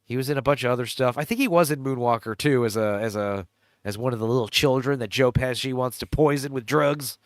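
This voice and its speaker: A man's voice: mid-range voice, fairly quick, no echo, studio quality. A man hosting a casual movie riff, rambling with lots of fillers and laughs, cracking crude jokes. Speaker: podcast host riffing on a movie trailer. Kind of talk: casual chat.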